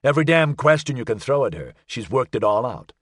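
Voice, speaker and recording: A man's voice: mid-range voice, big pitch swings, brisk, a bit bright, no echo, clean studio sound. A man voicing a weary, exasperated man in an audiobook. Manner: exasperated, wry.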